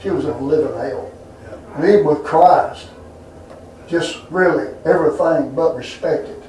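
A man's voice: fairly high pitch, a little slow, dark tone, recorded from a distance, slight background noise. A middle-aged man preaching a folksy sermon to a responsive congregation. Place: church sanctuary. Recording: echoey church room.

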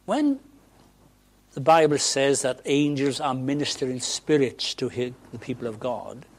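A man from Wales preaching a sermon in a conversational way, moving between loud emphasis and quiet asides. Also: medium pitch.

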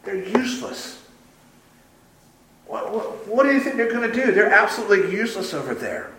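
A man's voice: high-pitched, big pitch swings, moderate pace, bright, forceful tone, voice pushed up, full character voice. A man voicing a sneering, scornful male governor who mocks his enemies with sarcasm, in a roomy space. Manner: sarcastic, jeering. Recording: roomy echo.

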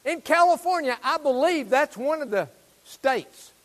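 A man preaching a sermon as pastor in a church, exuberant, with loud proclamations. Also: very high-pitched, animated, unhurried. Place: church sanctuary. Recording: long reverb of a church hall.

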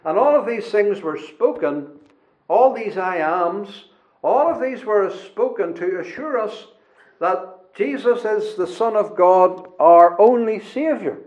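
A man preaching a sermon in a measured, emphatic way, with deliberate pauses between phrases. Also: high-pitched, animated, a little mellow. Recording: dull, lo-fi sermon recording.

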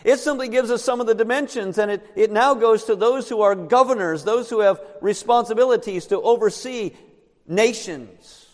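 A male pastor preaching a sermon to his congregation, emphatic and slowing down on key words. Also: a little high. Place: church sanctuary. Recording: long reverb in a large church.

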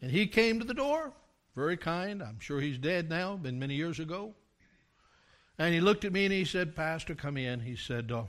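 Older preacher with a bright, high voice. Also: male voice, lively intonation, normal speed. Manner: storytelling preacher, builds to loud emphatic climaxes. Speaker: pastor. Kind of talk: sermon.

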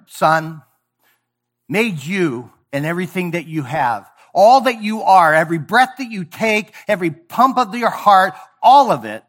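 A man preaching a sermon, emphatic and sometimes sarcastic, swinging from booming lines to hushed ones. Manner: sarcastic mock praise.

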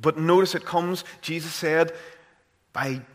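A man's voice: medium pitch, unhurried, fairly bright tone, long reverb tail. A man with a Northern Irish accent preaching a sermon, earnest and building to impassioned emphasis. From Northern Ireland.

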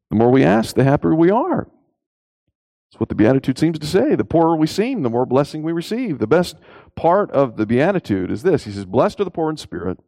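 A man preaching a sermon emphatically, asking rhetorical questions and rising in pitch on key points. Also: a little mellow, dry recording.

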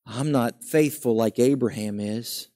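A young adult man preaches a sermon in a mid-range voice at a measured pace. Earnest and emphatic, he builds his lines up before dropping into a quiet, settled tone.

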